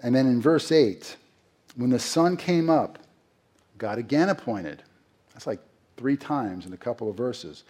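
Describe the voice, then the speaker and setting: A middle-aged male pastor delivers a sermon with a slightly husky voice. He talks to his listeners in a conversational way, asks them rhetorical questions and acts out quotes. His voice sits at an ordinary pitch for a man. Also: normal speed, darkish tone.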